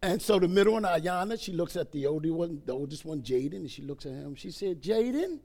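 An older man preaching a storytelling sermon, animated and calling out "amen?" and "all right?" to his congregation. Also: on the high side, quick pace.

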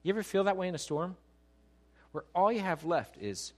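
Animated male pastor preaching. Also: high voice, moderate pace, long pauses. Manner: animated, acts out scenes, swings from loud to hushed. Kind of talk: sermon.

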